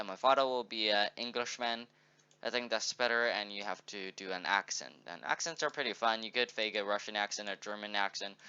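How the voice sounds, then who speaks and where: A man with a lowish voice talks through a game walkthrough in a meandering, upbeat way, often correcting himself. His tone is bright and forceful, with a crisp, smooth clarity. The recording sounds dull and lo-fi. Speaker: game tutorial presenter. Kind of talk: casual walkthrough, thinking aloud.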